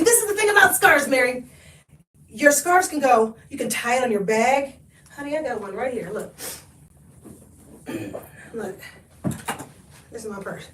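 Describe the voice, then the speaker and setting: A woman hosting a live thrift haul, chatty and expressive, talking to viewers and sniffly from allergies. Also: fairly high pitch, distant mic. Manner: chatty and expressive, talks to viewers, laughs often. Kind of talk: live-stream haul chat. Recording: echoey room, mic set back.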